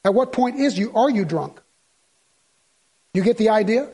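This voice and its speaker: Husky, high-voiced man preaching emphatically. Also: animated, normal speed, a little mellow. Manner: folksy, emphatic preaching with rhetorical questions. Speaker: pastor. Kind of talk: sermon.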